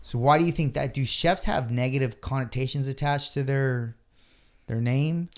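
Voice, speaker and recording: A man hosting a podcast, asking short, curious questions in a relaxed way. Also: mid-range voice, normal speed. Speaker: podcast host. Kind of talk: casual podcast interview.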